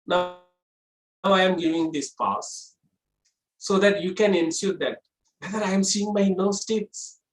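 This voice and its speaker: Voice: mid-range voice, unhurried, pauses often, echoey room, rough recording. A trainer giving a classroom lecture on public speaking. The trainer explains step by step and poses rhetorical questions, then answers them.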